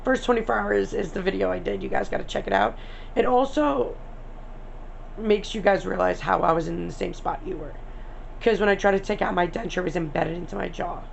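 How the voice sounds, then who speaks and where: Gravelly, blunt, chatty woman vlogger. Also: medium pitch, a little fast, slight background noise. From New York. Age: young adult. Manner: blunt, chatty, rambling with asides and mild swearing. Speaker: denture vlogger. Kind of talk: casual chat to camera.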